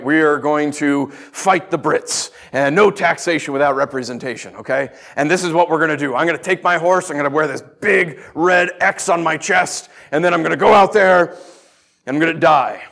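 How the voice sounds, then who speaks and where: A man's voice: fairly high pitch, normal speed, vocal fry, a bit bright. A man doing a breezy general briefing troops. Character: male general casually briefing his troops.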